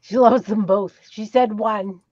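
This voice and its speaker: A middle-aged woman hosting an art live stream, chatting in an easygoing way and thinking out loud. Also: mid-range voice, fairly even intonation, unhurried, no room sound. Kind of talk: casual chat. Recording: dull, dry online stream audio.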